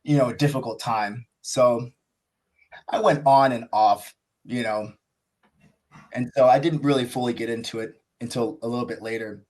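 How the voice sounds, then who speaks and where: A man's voice: mid-range voice, fairly even intonation, normal speed, a little mellow. Enthusiastic American man, chatty podcast guest. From USA. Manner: enthusiastic, rambling, heavy use of "like" and "you know". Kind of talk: casual interview storytelling.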